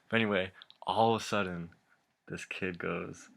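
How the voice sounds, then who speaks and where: A man's voice: deep voice, steady tone, normal speed, vocal fry, fairly bright tone. A young man ranting casually to camera, rambling and exasperated, swearing a lot and often breaking into laughter. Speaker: vlogger.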